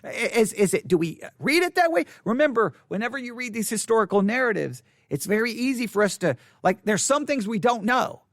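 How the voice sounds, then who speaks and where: A man's voice: very high voice, big pitch swings, brisk, hardly any pauses, no room sound, clean studio sound. A man leading a conversational Bible study, talking emphatically and often repeating or restarting his phrases.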